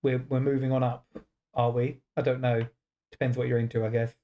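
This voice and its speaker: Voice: mid-range voice, level tone, brisk, warm tone. A game streamer giving casual let's-play commentary, chatty and breaking into laughter often.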